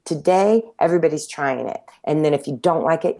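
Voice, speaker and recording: A woman's voice: on the low side, animated, a little fast. A woman who created a workout method, talking passionately and emphatically in an interview, sometimes acting out her own self-talk. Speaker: fitness instructor and workout creator. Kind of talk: interview conversation.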